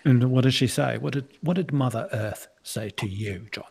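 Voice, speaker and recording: Gravelly joking man hosting a stream. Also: mid-range voice, moderate pace, darkish tone. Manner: joking, teasing, laughs often. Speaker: stream host. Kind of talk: casual live-stream chat.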